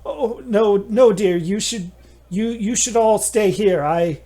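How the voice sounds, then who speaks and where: Guy doing a sweet old granny, high voice, reassuring. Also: slow, mellow. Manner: doting, reassuring. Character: kindly fussy old woman, Nanny Cowslip.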